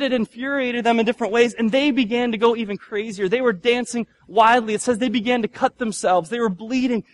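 A man preaching a sermon, telling a Bible story with humor and lively asides. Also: high voice. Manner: lively storytelling, acts out biblical voices with humor. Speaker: pastor.

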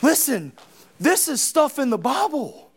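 Middle-aged male preacher with a very high voice, dramatic sermon delivery, voices Bible figures. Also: unhurried, creaky. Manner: animated, dramatic, acts out Bible characters.

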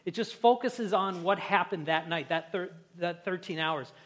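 A pastor preaching a conversational sermon and joking with the congregation. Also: male voice, high voice, normal speed, a bit bright.

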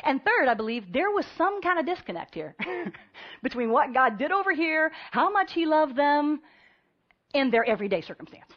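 A woman preaching a sermon, telling stories with lively energy and acting out the voices of the people in them. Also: sits high, normal speed, muffled recording. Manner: animated storytelling, acting out voices of the crowd.

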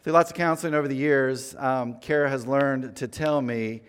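A man's voice: mid-range voice, fairly even intonation, moderate pace, hardly any pauses, clean tone. A male pastor preaching a sermon in a conversational, self-deprecating way, in a church sanctuary. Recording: long hall reverb.

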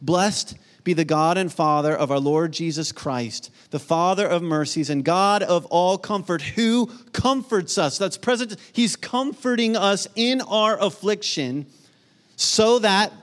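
A middle-aged man preaching a sermon, earnest, swinging from emphatic peaks to soft, hushed storytelling. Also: sits high, a little slow. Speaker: pastor.

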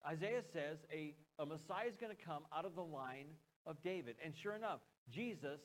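Man, American accent, pastor, sermon, conversational, fairly high voice. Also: lively intonation, normal speed, poor audio. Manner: conversational, with joking asides and questions to the congregation.

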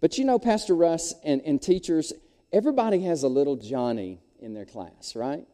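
A man's voice: fairly high pitch, moderate pace. A middle-aged man preaching a sermon as a pastor, storytelling and calling out to the congregation. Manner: animated storyteller, audience call-outs. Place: church sanctuary, long reverb. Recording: echoey hall.

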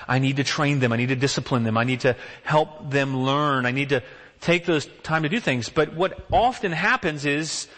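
A man's voice: mid-range voice, a bit bright, long reverb tail. A man preaching a sermon as pastor, talking in a conversational way and asking the congregation many rhetorical questions.

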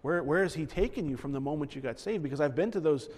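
A man's voice: a little high, animated, fast, a little mellow. Earnest male pastor preaching in an echoey hall. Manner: earnest, repeats words while building a point. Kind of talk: sermon.

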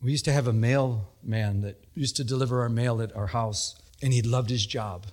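A middle-aged man preaching a sermon, telling stories with animated energy and laughter. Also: normal speed. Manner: animated storytelling, laughing, rising to high emphatic peaks. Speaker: pastor.

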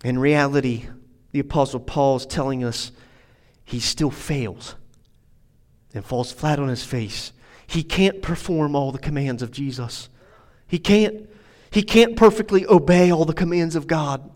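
A male pastor preaching a sermon, moving from emphatic, rising passages to quieter, reflective stretches. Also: fairly high pitch, a little slow, rough recording. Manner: preaching with swelling, emphatic delivery that drops to quiet asides.

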